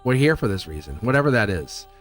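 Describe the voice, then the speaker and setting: A middle-aged man hosting a live tarot reading, rambling and upbeat, his voice hoarse and cracking. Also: on the low side, very animated, fast talker, faint music behind. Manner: rambling, upbeat, repeats himself. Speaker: tarot reader and host.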